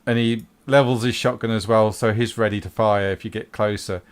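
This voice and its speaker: Brief: man game master, low voice, calm rulings. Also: a little fast, few pauses, smooth. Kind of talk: running a tabletop game.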